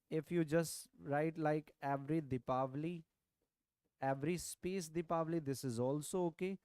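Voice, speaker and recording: In this online exam-prep lecture, a man with an Indian English accent teaches vocabulary, frequently repeating key phrases and checking in with "right?" His voice is fairly high, mellow and clean, with no room sound.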